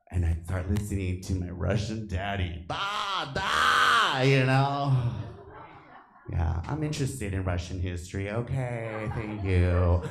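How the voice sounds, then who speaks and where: A man in his thirties doing a stand-up comedy set on stage, flamboyant and camp, breaking into loud shrieks. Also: sits low. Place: comedy theater stage with live audience. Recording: echoey live comedy room.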